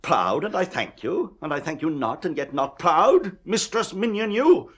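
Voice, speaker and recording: A hot-tempered old lord. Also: male voice, on the high side, sing-song, a little slow, husky, exaggerated voice. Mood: indignant. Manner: blustering, shouting tirades. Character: older male nobleman, hot-tempered domineering father. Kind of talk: 1970s radio drama acting.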